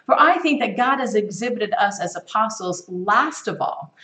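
Woman teaching bible study, lively and emphatic, echoey room. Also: mid-range voice, normal speed. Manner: animated, emphatic, reads scripture aloud with rising stress.

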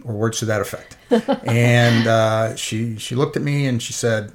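A man's voice: medium pitch, steady tone, normal speed. A middle-aged man, an interview guest, giving an earnest and emotional personal faith testimony.

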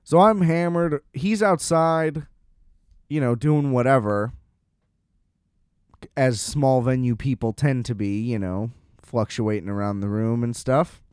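A man's voice: mid-range voice, a little slow, a little mellow, clear, resonant tone, no room sound, clean studio sound. A man casually telling a rambling, self-deprecating story, often laughing at himself.

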